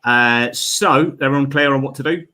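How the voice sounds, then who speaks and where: A man hosting a comedy panel quiz, reading out questions with quick asides and frequent laughs. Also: mid-range voice, sharp tone, rough recording. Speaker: quiz host. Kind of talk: casual online panel chat.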